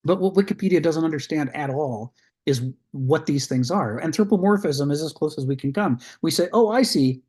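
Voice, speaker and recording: A man's voice: fairly high pitch, fairly quick, darkish tone. A man giving a recorded lecture, thoughtful, often repeating words as he starts a phrase.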